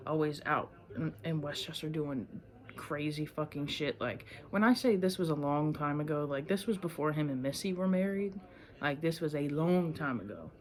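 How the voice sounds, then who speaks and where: A woman's voice: deep voice, slight background noise. Rambling, profane young woman vlogger. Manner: rambling, profane, animated storytelling. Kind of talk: casual storytelling vlog.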